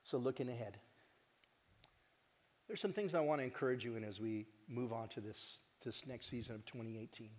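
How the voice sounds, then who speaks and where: A man giving a heartfelt conference talk as the organization's director, earnest and animated, joking with the audience now and then. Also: mid-range voice, fairly quick. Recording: long hall reverb.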